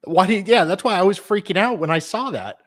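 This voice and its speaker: A man's voice: high-pitched, animated, brisk. A man co-hosting a casual stream, easygoing and a bit distracted as he looks things up. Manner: easygoing, distracted while searching on screen. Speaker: stream co-host. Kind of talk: casual chat.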